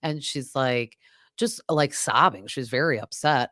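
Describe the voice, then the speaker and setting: A woman's voice: a bass voice, measured pace, fairly bright tone, no echo, clean studio sound. A woman hosting a podcast, chatting casually and animatedly as she recaps a reality show and acts out quotes. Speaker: podcast host.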